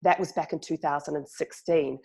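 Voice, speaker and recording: Kiwi woman guest, gravelly lowish voice, rapid chatty delivery with frequent laughs. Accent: New Zealand. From New Zealand. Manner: fast-talking, laughs often, animated retellings. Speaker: guest, marketing speaker. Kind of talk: casual podcast interview.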